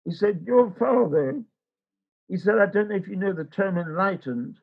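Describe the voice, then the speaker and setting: A man's voice: high voice, animated, moderate pace, vocal fry, husky, phone-quality sound. An older man telling a rambling personal story in casual chat, acting out the voices of the people in it. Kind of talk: casual anecdote.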